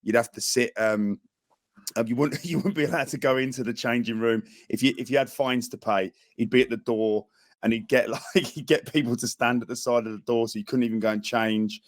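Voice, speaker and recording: A British man with a mid-pitched voice chatting on a podcast. The sound is dry and close, and he rambles, repeating words as he goes. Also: brisk, dry recording. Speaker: podcast co-host, ex-footballer. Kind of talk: casual chat.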